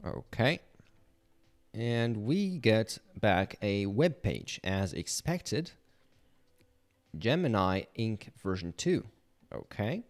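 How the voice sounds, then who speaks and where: Male tutorial host, low voice, unhurried delivery, talks through his screen step by step. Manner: thinking aloud, relaxed, with fillers. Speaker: channel host teaching penetration testing. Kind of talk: screen-recorded tutorial walkthrough.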